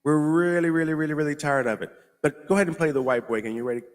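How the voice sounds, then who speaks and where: An American man hosting a casual commentary show, talking emphatically, repeating himself and slowing down to stress his points. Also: a little high. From United States. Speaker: host.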